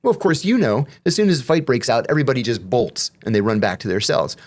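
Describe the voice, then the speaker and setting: A man, a guest on an interview show, telling profane stories in a casual, animated way. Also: medium pitch, quick pace. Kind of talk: casual storytelling.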